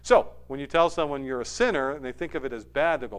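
A man preaching a sermon, swinging from quiet, low passages up to loud, emphatic stretches. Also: fast talker, few pauses, clean tone. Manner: rising to emphatic, forceful stretches, then dropping low and quiet.

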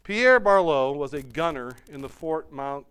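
A man's voice: a little high, lively intonation, measured pace, a bit bright, smooth, poor audio. A man preaching a sermon, emphatic and repeating his points for emphasis.

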